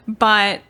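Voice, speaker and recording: A woman's voice: very high voice, sharp tone. A young woman co-hosting a podcast, telling a story in a casual, chatty way, often giggling and trailing off mid-sentence. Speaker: podcast co-host.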